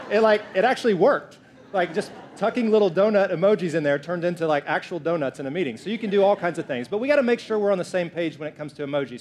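A man's voice: sits high, a little hiss or hum. Playful male pastor preaching. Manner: playful, lively, jokes with the congregation. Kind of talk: sermon. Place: church.

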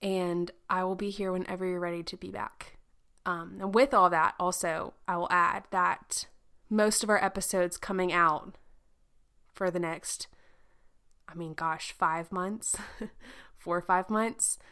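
A woman's voice: lowish voice, steady tone, a little slow, sharp tone, clean tone. A young woman hosting a podcast in casual chat, chatty and laughing often, slipping into playful sound effects. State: pregnant. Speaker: podcast host.

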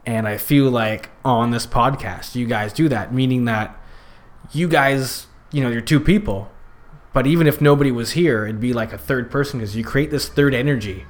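A man's voice: medium pitch, moderate pace. A man guest on a podcast, chatting casually and rambling with lots of fillers and restarts. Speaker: podcast guest, youth circus worker. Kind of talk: casual chat.

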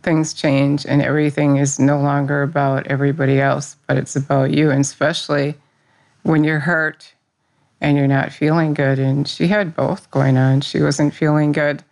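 Low, gravelly middle-aged woman testifying. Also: level tone, normal speed, a little mellow. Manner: earnest, rambling, with restarts and fillers. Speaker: Bible study teacher. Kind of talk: personal faith testimony.

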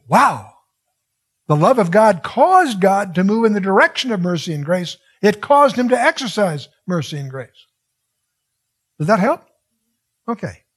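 An older man works through a Bible passage verse by verse, reading the scripture aloud and putting questions to his listeners in a conversational way. His voice is high with a breathy edge.

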